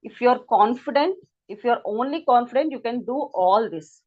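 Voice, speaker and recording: A woman's voice: a little high, expressive, fairly quick. A woman with an Indian English accent teaching an online class, explaining at length and often checking that students follow. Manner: explanatory, repetitive, asks students to confirm. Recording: lo-fi online call audio.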